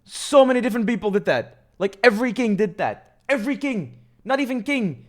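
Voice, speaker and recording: A man's voice: high voice, lively intonation, a little fast. A young man streaming a video game, rambling casually, cursing and mocking himself as he plays. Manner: rambling, profane, self-mocking. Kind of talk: casual gameplay commentary.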